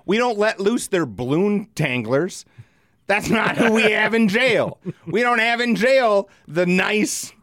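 A man's voice: sits high, expressive, slow, fairly bright tone, dry recording, clean studio sound. A middle-aged man from the American Midwest, co-hosting a podcast in a casual, profane, joking rant. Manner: profane, ranting, jokey. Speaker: podcast co-host. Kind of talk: casual chat.

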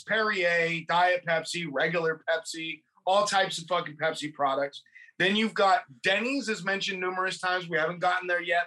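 A man's voice: sits high, bright, forceful tone. A man from California co-hosting a podcast, chatting casually, rambling, swearing and laughing. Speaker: podcast co-host. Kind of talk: casual chat about a film.

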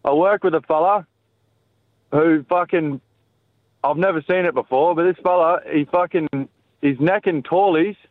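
Australian caller, crude and chatty, higher voice, dry tinny phone message. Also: male voice, moderate pace, long pauses, dry recording. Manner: crude, chatty, swears freely. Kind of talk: recorded voice message.

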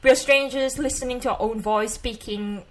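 A woman's voice: on the high side, fairly even intonation, moderate pace, very noisy. A woman from Malaysia with a Malaysian accent, co-hosting a casual podcast chat in a rambling way with lots of fillers. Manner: giggly, rambling, many fillers. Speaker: podcast co-host.

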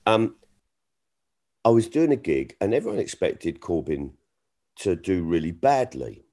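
A middle-aged comedian telling a story in a lowish voice. His pitch swings widely as he acts out quoted exchanges. He talks in a loose, animated way, often restarting his sentences. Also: a little slow. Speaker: comedian guest. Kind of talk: casual chat, storytelling.

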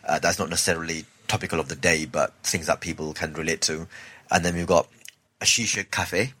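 Fast-talking comedian, husky. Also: male voice, deep voice. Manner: animated storytelling, acts out quoted voices. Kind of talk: casual podcast chat.

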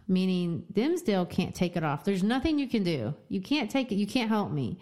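A woman in a casual book discussion, retelling the story in an animated way. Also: medium pitch, a little fast, few pauses. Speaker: co-host discussing a novel.

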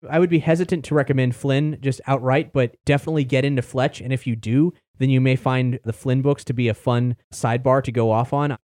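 A man's voice: medium pitch, steady tone, a little fast, few pauses, a little mellow, no echo, studio quality. A man hosting a podcast, chatting casually and rambling about books he has read, with the odd swear word. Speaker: podcast host reviewing books. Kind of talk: casual chat.

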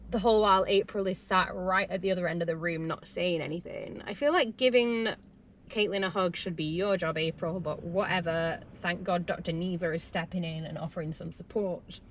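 A woman's voice: medium pitch, slight background noise. A woman recapping a reality TV episode in a casual, chatty way, talking with strong opinions and feeling.

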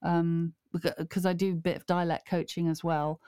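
Middle-aged woman guest, rambling chatter, smooth tone, dry close sound. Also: lowish voice, level tone, moderate pace, mellow, no room sound. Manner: chatty, rambling with many fillers. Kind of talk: casual chat.

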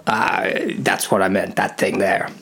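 A man putting on a deadpan male android for a spoken story, stilted and flat, with a timbre unlike an ordinary voice. The voice sits a little off from the microphone. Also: low voice, a little slow, slightly rough, whispered, exaggerated voice. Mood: evasive. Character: male android crew robot, flat and evasive.

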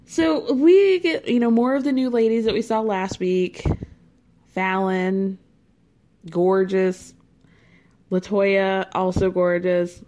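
A chatty woman with a mellow, warm tone, gossiping her way through a reality TV recap. She laughs often as she retells each scene. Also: medium pitch, fairly even intonation, slow, pauses often.

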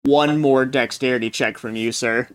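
A man running a tabletop game as game master, narrating scenes and calling for rolls in a relaxed way. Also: mid-range voice, moderate pace, low-quality recording.

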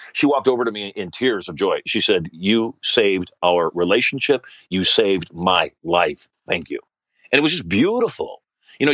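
A middle-aged man, a wealth coach, answering interview questions as an animated storyteller who acts out the people he quotes. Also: medium pitch, no room sound. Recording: dry, slightly dull podcast audio.

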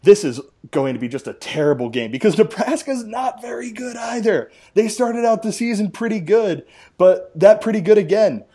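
A man's voice: high-pitched, animated, normal speed, mellow, breathy edge. Wry man chatting college football. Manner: wry, chatty, rattles off scores. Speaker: podcast host. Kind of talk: casual sports chat.

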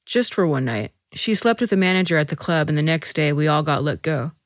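A woman reading the lines of a calm, deep-voiced male comedian in his thirties, in a story. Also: brisk, no echo, clean studio sound, lightly acted. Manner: calm, low, terse.

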